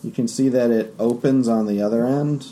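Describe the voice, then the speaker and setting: A man runs a tabletop game as game master, his voice dark and mellow at a middling pitch. He describes the scene in a loose, relaxed way, with fillers and quick asides. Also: slight background noise.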